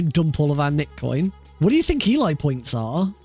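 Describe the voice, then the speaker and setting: A man's voice: fairly high pitch, very animated, normal speed, a little mellow, slightly rough, soft background music. A man streaming a speedrun practice, chatting casually with viewers, laughing often and swearing freely. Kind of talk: casual live-stream chat.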